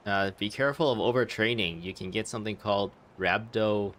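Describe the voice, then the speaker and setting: A man's voice: lowish voice, quick pace, fairly bright tone. A man chatting casually over gameplay, rambling and laughing often. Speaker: game streamer. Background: game audio.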